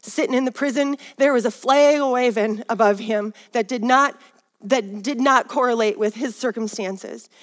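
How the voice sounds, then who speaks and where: A woman's voice: a little high, moderate pace. A woman teaching a Bible lesson as a sermon, rousing and urging her listeners to respond. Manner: rousing, calls for audience response. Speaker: women's Bible study teacher. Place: Minnesota. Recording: long hall reverb.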